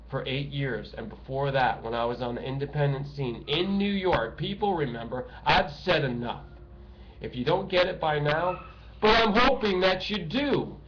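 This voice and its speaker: A middle-aged man delivering a bitter, profane monologue to camera, swinging between shouting and hushed talk. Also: a little high, lively intonation, unhurried. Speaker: political video ranter. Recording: dull lo-fi home recording with noise.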